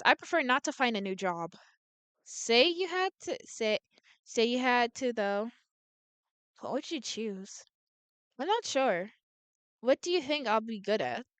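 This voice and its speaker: A woman's voice: a little high, a bit bright, clear, resonant tone, no echo. A woman reading a visual novel aloud as a gameplay streamer, voicing every character in her own voice and often restarting words.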